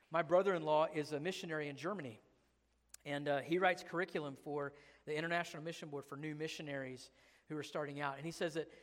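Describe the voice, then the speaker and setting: A man preaching a sermon as pastor, emphatic and conversational, full of rhetorical questions to the congregation. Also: a little high. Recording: long hall reverb.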